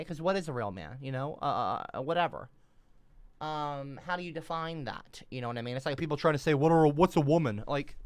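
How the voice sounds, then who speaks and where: With a fairly high, smooth voice on a dry recording, a man delivers sarcastic, rambling livestream commentary. He curses a lot, trails off mid-sentence, and veers between mumbling and loud outbursts.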